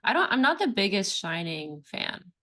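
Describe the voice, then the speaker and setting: A woman co-hosting a casual film podcast, listing opinions in short, halting sentences. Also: mid-range voice, very animated, sharp tone. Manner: halting, short lists with self-corrections. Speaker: podcast co-host.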